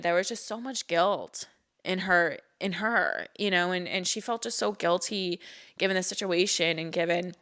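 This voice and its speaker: A woman's voice: lowish voice, fairly bright tone. Laughing casual woman telling a story. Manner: laughs often while telling; casual, loose, with fillers like "like" and "um". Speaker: podcast co-host.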